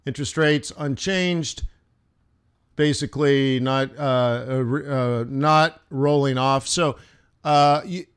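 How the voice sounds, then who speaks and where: A man's voice: mid-range voice, no room sound, clean studio sound. A man in his forties, a forex trader hosting a live trading stream and talking viewers through the markets in a chatty, emphatic way.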